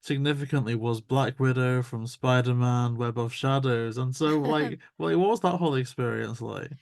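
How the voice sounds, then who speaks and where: A man's voice: mid-range voice, moderate pace, gravelly, a little mellow, no room sound, studio quality. A man hosting an interview, asking questions with enthusiasm and some hesitation. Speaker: interview host.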